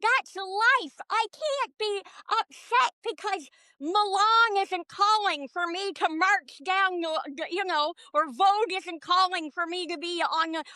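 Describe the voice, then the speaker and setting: High, bright-voiced woman ranting profanely. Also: a little slow, hardly any pauses, dry recording. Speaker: comedian guest. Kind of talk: casual podcast chat.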